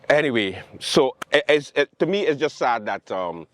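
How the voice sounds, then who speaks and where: A man's voice: mid-range voice, a little slow, vocal fry. Sarcastic man ranting. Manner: animated, sarcastic, mocking quotes and repetition. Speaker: late-night show host. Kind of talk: comedic political rant. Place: outdoors with planes overhead.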